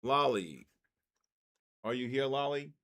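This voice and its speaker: A man hosting a trading live stream, calling out giveaway winners in a drawn-out, repetitive way. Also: medium pitch, animated, a bit bright.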